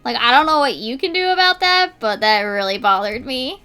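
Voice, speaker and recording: A woman's voice: a little high, expressive, fairly quick, bright, forceful tone, clean tone, faint music behind. A young woman streamer chatting casually while she draws, telling an indignant story with lots of filler words.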